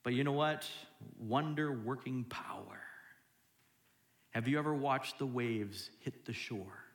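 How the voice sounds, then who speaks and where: Man, pastor, sermon, acts out quotes, hushed to loud, echoey room. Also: medium pitch, slow pace, gravelly.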